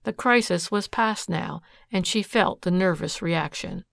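Gravelly low woman narrating. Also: measured pace, no room sound, studio quality. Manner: steady storytelling delivery. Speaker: audiobook narrator. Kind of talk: scripted narration.

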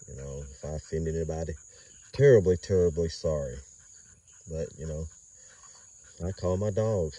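Low-voiced man rambling loosely outdoors. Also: normal speed, pauses often, warm tone, dry recording, distant mic. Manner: loose, rambling street talk with laughs. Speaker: dog breeder filming his kennel. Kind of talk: casual outdoor vlog narration.

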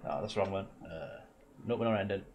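A man's voice: low-pitched, quick pace, vocal fry, darkish tone, lo-fi sound, a little hiss or hum. A man chatting casually on a gaming live stream. He jokes, swears freely and talks to his viewers as he goes.

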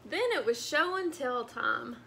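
A woman librarian reading a storybook aloud to children in an animated way, speaking to them directly. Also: high-pitched, measured pace, creaky, slight background noise.

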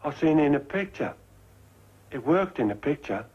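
An actor playing a naive, simple-minded young soldier in a 1950s film comedy. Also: male voice, on the high side, sing-song, normal speed, slightly rough. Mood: earnest. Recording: muffled 1950s film soundtrack.

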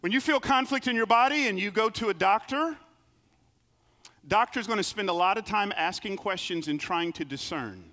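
Male pastor, lively storytelling sermon, high bright voice, reverberant sanctuary. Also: moderate pace. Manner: lively storytelling preacher, acts out quoted voices. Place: church sanctuary. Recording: long reverb of a large hall.

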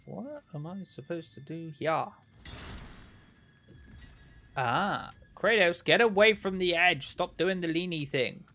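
A man talks through his gameplay in an unhurried, gravelly voice pitched a bit high. He is sarcastic and chatty, teasing the characters on screen. Quiet game music sits under him. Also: animated. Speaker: let's play gamer. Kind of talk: casual gameplay commentary.

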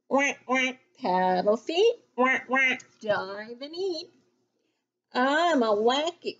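A woman's voice: high-pitched, fairly bright tone, lo-fi sound, heavily acted. A woman voicing a wacky pond duck that sings quacks in a children's book reading.

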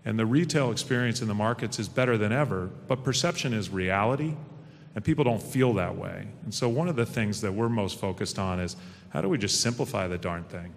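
A middle-aged man with a lowish voice talks as a guest at an onstage fireside chat, folksy and confident. A long reverb trails his words through the event hall. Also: a little fast. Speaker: stock exchange president, panel guest.

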